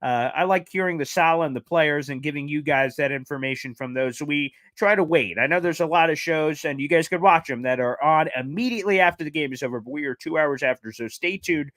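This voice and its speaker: A man hosts a casual sports podcast in an upbeat, slang-heavy way, full of hyped sign-offs. His voice sits a little high. The sound is dry and close, with no room in it. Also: fairly quick, hardly any pauses, a bit bright, dry recording. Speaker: podcast host.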